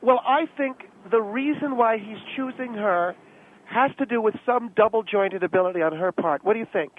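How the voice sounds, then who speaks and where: A man's voice: high-pitched, normal speed, slight background noise, pitched above the performer's own voice, lightly acted. A man voicing a pompous, gossiping American society lady who gushes and calls people darling, heard over a phone line. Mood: catty. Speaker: guest character on radio show.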